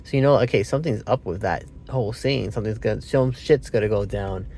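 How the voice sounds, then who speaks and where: A man's voice: lowish voice, fast, warm tone, a little hiss or hum. Sleepy man rambling through a movie review. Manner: meandering, lots of fillers and self-corrections, acts out quotes. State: sleepy, yawning.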